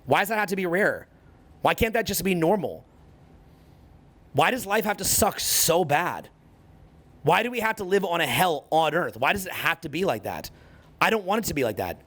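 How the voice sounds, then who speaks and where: A man's voice: fairly high pitch, sing-song, moderate pace, pauses often, fairly bright tone. Fired-up, swearing man in his forties. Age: 40s. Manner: profane, intense and emphatic, hammering points through repetition. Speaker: social skills coach. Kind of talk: motivational talk to an audience.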